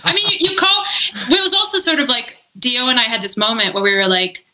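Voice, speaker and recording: A woman telling a story in a casual chat, animated and laughing often, with lots of "like". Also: high-pitched, a little fast, a little hiss or hum, rough recording. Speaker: podcast guest.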